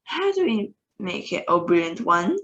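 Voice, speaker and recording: A woman's voice: on the low side, very animated, moderate pace, fairly bright tone, highs cut off. A woman reading aloud, voicing a crowd of eager, fawning witches chanting together.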